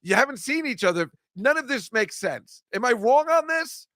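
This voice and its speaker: A man's voice: very high-pitched, big pitch swings, normal speed, fairly bright tone, dry recording, studio quality. An older man, hosting a casual chat show and ranting with self-mocking asides. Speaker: host. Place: comedy club studio.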